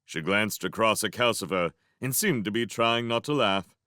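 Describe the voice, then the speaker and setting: A man reading a novel chapter aloud as a fan reading, narrating in an animated way. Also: fairly low pitch, normal speed, no room sound, studio quality. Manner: animated, voicing each character. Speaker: reader. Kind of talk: storybook narration.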